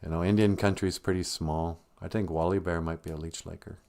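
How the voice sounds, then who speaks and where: Soft-spoken man chatting on a live stream. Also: sits low, steady tone, fairly quick, gravelly. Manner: joking, self-deprecating, gentle. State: close to tears. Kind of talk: casual live stream talk.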